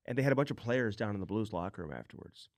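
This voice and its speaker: A man's voice: fairly low pitch, expressive, racing, darkish tone, no echo. A man co-hosting a sports podcast, telling rambling anecdotes full of fillers. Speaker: podcast co-host. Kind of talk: casual sports chat.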